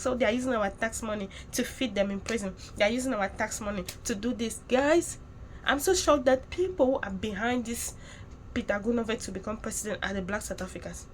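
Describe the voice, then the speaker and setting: Nigerian lady ranting on a reaction vid, gets loud n emphatic, bit of noise behind. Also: medium pitch, a little fast. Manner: indignant, emphatic, rising to loud outbursts. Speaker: commentator reacting to clips. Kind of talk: heated reaction commentary.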